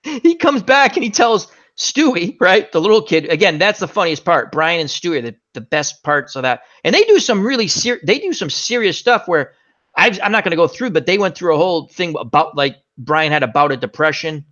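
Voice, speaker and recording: A man hosting a casual chat, retelling stories in an animated, joking way. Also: high voice, a little fast, highs cut off. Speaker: chat show host.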